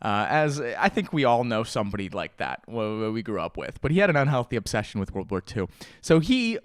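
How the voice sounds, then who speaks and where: A man's voice: mid-range voice, sing-song, brisk, no echo, clean studio sound. A young adult man telling a rambling childhood story at home, laughing often, as a casual morning chat on his channel. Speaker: vlogger. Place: at home with a pet. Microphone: mic on a stand.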